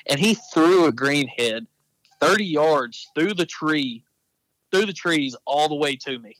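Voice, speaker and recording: A man's voice: fairly high pitch, animated, measured pace, fairly bright tone, dry recording, rough recording. A man telling hunting stories in casual podcast chat, rambling and correcting himself as he goes. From Texas. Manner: rambling, self-correcting storyteller. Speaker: podcast guest, apparel company founder.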